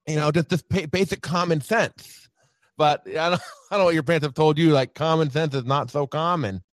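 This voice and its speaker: Animated higher-voiced man as podcast guest. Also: brisk, no room sound, studio quality. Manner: animated, laughs often, uses many fillers like "right" and "you know". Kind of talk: casual chat.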